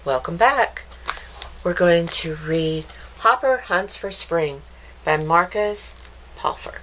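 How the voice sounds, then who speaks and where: Slow, gentle storytime librarian woman. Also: lowish voice, expressive, slight background noise, rough recording. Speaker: children's librarian. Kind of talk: reading a picture book aloud.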